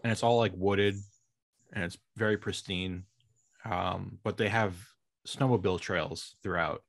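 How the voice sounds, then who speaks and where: This man in his thirties has a deep, gravelly voice with fairly even intonation and an unhurried pace. He co-hosts a podcast via a remote call mic, chatting casually, wandering off topic, letting sentences trail away, and laughing often, with no room sound.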